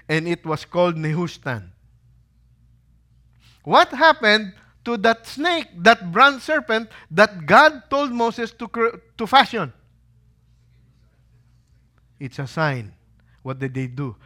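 A pastor preaching a sermon, asking the listeners rhetorical questions and acting out quotes in a lively way. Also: male voice, a little high. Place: holy site visit.

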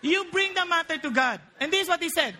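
Woman preacher: high, bright voice, lively and playful from the pulpit. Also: fast. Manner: animated and joking, mixing in local phrases. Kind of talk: sermon.

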